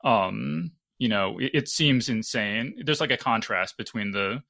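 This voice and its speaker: A man's voice: mid-range voice, measured pace, vocal fry, pushed and bright. A man hosting a podcast panel, thinking aloud in casual discussion with frequent restarts.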